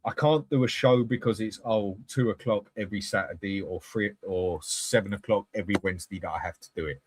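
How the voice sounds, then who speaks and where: Blunt, swearing fan host. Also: male voice, fairly low pitch, a little fast, slightly rough. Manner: blunt, swears freely, chatty with viewers. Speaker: host of a live fan channel. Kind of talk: live-stream chat reading comments.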